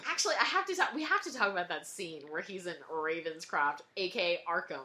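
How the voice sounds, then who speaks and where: A woman's voice: lowish voice, expressive, quick pace, sharp tone. A woman co-hosting a casual film-review chat, talking emphatically and swearing freely. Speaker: podcast co-host. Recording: roomy echo.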